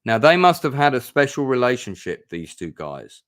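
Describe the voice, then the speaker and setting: A man's voice: medium pitch, sing-song, moderate pace, a bit bright, no echo, studio quality. A man hosting a casual film review stream, talking in a rambling, hesitant way with many fillers and emotional asides. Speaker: host.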